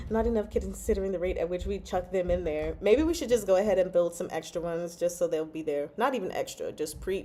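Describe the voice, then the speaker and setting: A woman's voice: mid-range voice, dark tone. A woman hosting a casual livestream chat about a novel, laughing often and reading out chat comments. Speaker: book club host.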